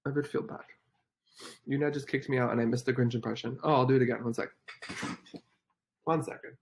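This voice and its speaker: A man in his twenties casually chatting on a livestream, reading viewer comments, giggly and excitable. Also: mid-range voice, brisk, creaky, slight background noise. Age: 20s. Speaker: livestream host.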